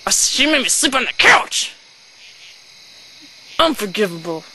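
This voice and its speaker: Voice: medium pitch, big pitch swings, measured pace, bright, forceful tone, full character voice, rough recording. A performer playing a rude, hot-tempered man shopper who rants, swears and threatens in an amateur sketch. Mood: ranting.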